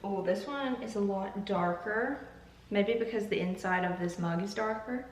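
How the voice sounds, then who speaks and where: A woman's voice: mid-range voice, normal speed, roomy sound, far from the mic, a little hiss or hum, low-quality recording. A young woman hosting a casual vlog, chatty and joking as she tastes coffees and drifts into tangents. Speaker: YouTuber.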